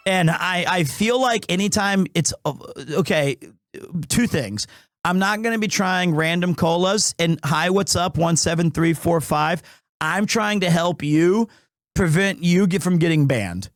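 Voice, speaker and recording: A man's voice: sits high, a little slow, no echo, clean studio sound. A man streaming live, chatting casually and jokingly with his viewers, rambling along with frequent restarts and self-corrections. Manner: joking and playful with chat.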